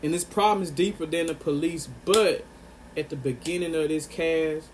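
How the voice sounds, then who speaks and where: A man's voice: fairly high pitch, moderate pace, a little hiss or hum. A man delivering an earnest, impassioned monologue to his viewers, pressing his points and repeating phrases for emphasis. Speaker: vlogger.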